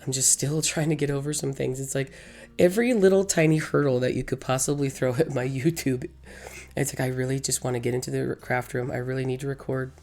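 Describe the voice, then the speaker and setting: A woman with a hoarse, gravelly voice from losing it, chatting through a crafting tutorial as host, rambling and correcting herself. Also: a bass voice, fairly even intonation, fairly quick, a little mellow. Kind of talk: casual crafting tutorial voice-over.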